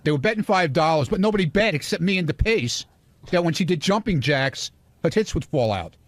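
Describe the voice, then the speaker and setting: A man speaks with a high, lively, swooping voice, blunt and matter-of-fact in radio banter. The mic sound is close and dry. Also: brisk, dry recording. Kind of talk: casual studio chat.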